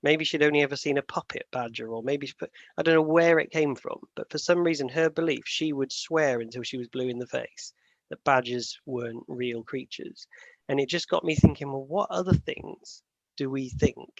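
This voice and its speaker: A man with a gravelly, creaky voice hosts a casual podcast chat. He rambles and laughs at himself as he tells stories. The recording is dry and a little dull. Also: mid-range voice, normal speed, no room sound. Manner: rambling, self-deprecating storyteller with many fillers and restarts. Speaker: podcast host.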